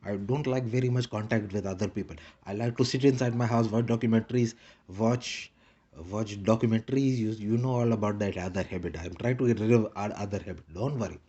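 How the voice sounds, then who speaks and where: A man's voice: on the low side, steady tone, a little fast, mellow, dull audio. A man rambling in a casual monologue with a put-on Indian English accent, repeating short clipped broken-English phrases. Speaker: vlogger.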